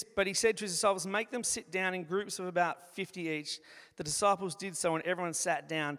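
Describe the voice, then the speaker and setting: A man preaching a sermon in an animated, conversational way, acting out little asides as he goes. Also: on the high side. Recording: long reverb of a large hall.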